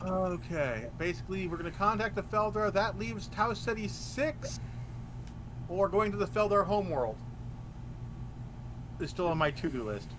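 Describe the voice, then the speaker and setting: A man's voice: sits high, expressive, normal speed, long pauses, background noise. A man playing in a tabletop game, laying out plans at length with frequent restarts. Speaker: player. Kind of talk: casual chat during a tabletop game.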